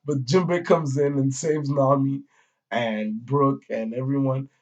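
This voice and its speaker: A man's voice: mid-range voice, steady tone, unhurried, darkish tone. A man reviewing a comic chapter in a casual, rambling way, with slang, swearing and plenty of fillers. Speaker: manga reviewer. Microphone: audio-only recording. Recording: dull lo-fi audio.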